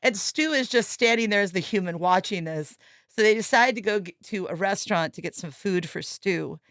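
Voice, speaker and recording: A woman hosting a casual podcast chat about a film, telling scenes in an animated way and acting out the quotes. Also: medium pitch, normal speed, no room sound. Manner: animated storytelling, acts out quotes. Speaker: podcast host. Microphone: podcast microphone.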